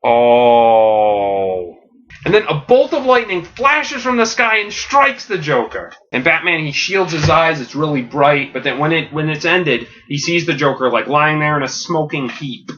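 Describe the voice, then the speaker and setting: Rambling man pitching a story. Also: normal speed, few pauses, muffled recording. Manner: rambling, filler-heavy, deadpan enthusiasm. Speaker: podcast host pitching a story.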